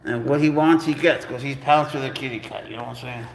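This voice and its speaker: A man's voice: mid-range voice, fast, gravelly. A man hosting a casual live stream, talking playfully and coaxingly to his pet cat and calling it bro. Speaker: pet owner and channel host.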